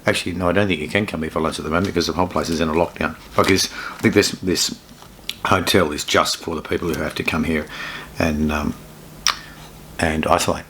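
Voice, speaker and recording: Chatty deep-voiced man in a hotel room. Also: fairly even intonation, a little fast, a bit bright, a little hiss or hum. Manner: chatty, rambling, jokey, self-correcting. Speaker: vlogger in hotel quarantine. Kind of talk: casual self-filmed vlog.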